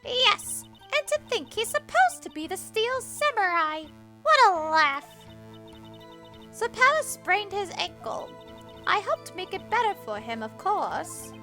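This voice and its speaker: Woman putting on a shrill witchy old lady, high, swooping, scolding, bossy. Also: big pitch swings, slow pace, sharp tone, faint music behind, full character voice. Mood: boastful.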